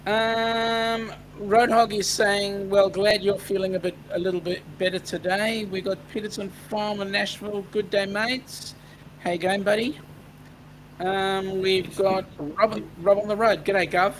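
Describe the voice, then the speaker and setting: An Australian man co-hosting a live stream, greeting chat viewers in a relaxed, chatty way with lots of fillers. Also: high-pitched, unhurried, low-quality recording. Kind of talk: casual online chat. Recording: buzzing mic with background noise.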